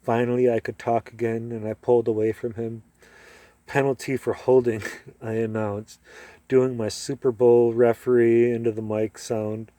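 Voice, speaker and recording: A man's voice: mid-range voice, warm tone, no echo. A man reading a short story aloud, telling it expressively and acting out the dialogue. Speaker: reader.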